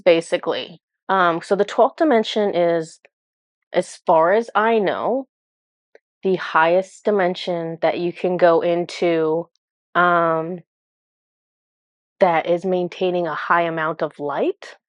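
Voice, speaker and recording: A woman's voice: lowish voice, dry recording. A woman channeler recounting a spiritual vision in earnest, emotional casual speech, often restarting her words. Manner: earnest, emotional storytelling with many fillers and restarts.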